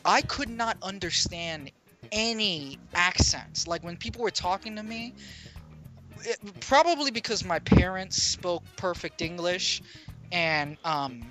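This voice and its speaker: A man's voice: high-pitched, expressive, a little slow, pushed and bright, soft background music. A man co-hosting a casual podcast chat, rambling and poking fun at himself. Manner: self-deprecating, rambling. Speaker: podcast co-host.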